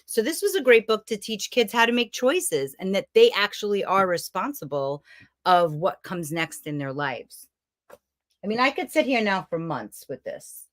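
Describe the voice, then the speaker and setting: A woman's voice: medium pitch, normal speed, no room sound, clean studio sound. A middle-aged woman from Brooklyn, chatting casually and rambling a little as she hosts a motivational challenge from a room at home. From Brooklyn, New York. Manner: chatty, animated, rambling with asides. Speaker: host of a self-help challenge series. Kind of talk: casual motivational talk to camera.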